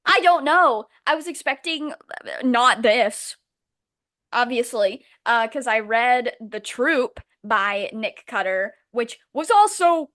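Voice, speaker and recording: A woman's voice: on the high side, lively intonation, takes it slowly, a bit bright. A young woman co-hosting a podcast, casually retelling a book in a rambling, profane, exasperated way. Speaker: podcast co-host. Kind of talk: casual chat.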